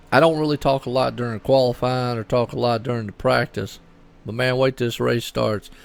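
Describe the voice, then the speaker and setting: A male race commentator calls a live sim race by himself, chatting in a folksy, upbeat way. His voice has a gravelly, creaky texture. He rambles and often repeats words. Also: medium pitch.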